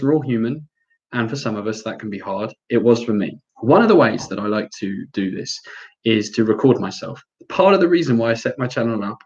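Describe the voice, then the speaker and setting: English guy chatting through a live q&a, upbeat and a bit silly, slightly dull stream audio. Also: medium pitch. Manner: lively, chatty, self-deprecating, reads questions aloud. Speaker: YouTuber answering viewer questions. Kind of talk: casual live Q&A.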